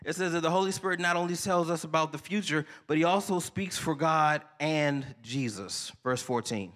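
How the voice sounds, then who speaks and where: A male pastor delivering a sermon in a high, bright voice. He keeps prompting his listeners with half-finished questions for them to answer back. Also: normal speed. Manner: preachy call-and-response, asks the congregation to finish lines.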